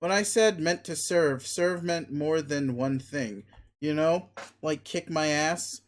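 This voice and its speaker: A man's voice: on the high side, slow. A man reading a webcomic aloud, voicing an arrogant, crude young male alien who talks in a pushy, sneering, blunt way. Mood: domineering.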